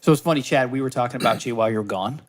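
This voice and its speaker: A man's voice: mid-range voice, rapid-fire. A man from Canada, a podcast guest who runs a supplement company, talking in an eager, explanatory way with many fillers and restarts. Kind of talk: casual conversational pitch.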